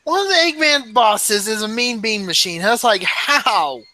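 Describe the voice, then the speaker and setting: A co-host in a casual gaming chat, throwing in sarcastic jabs and quick asides. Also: mid-range voice, lively intonation, pushed and bright.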